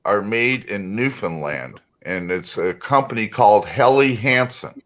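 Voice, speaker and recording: A man from Canada in casual chat, easygoing and hesitant, often pausing on fillers. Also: lowish voice, lively intonation, fairly bright tone, poor audio.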